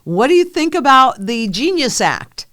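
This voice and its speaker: A woman's voice: high-pitched, very animated, measured pace, a bit bright. A woman in her fifties hosting an interview, asking questions conversationally and agreeing with her guest. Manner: conversational, agreeable, short affirmations. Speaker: interview host.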